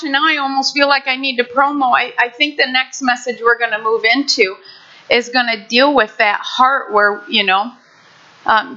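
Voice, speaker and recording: A woman's voice: a little high, bright, forceful tone. An older woman pastor giving a heartfelt, conversational sermon with many restarts. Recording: muffled lo-fi recording.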